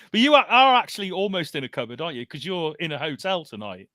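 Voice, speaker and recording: A man's voice: on the high side, big pitch swings, fairly quick, fairly bright tone, no echo, clean studio sound. A man hosting a live comics podcast over a video call, chatty and laughing often. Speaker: podcast host. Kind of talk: casual live show chat.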